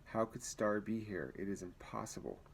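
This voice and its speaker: A man reading aloud as a strong, calm grown man who speaks slowly and loudly to soothe. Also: on the low side, vocal fry, a little hiss or hum. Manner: slow and loud, calming.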